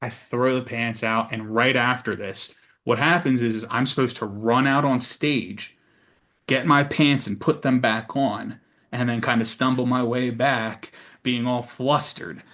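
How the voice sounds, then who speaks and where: Animated man telling stage stories. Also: mid-range voice, unhurried. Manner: animated, profane anecdote telling. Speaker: podcast guest, actor and educator. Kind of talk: casual storytelling.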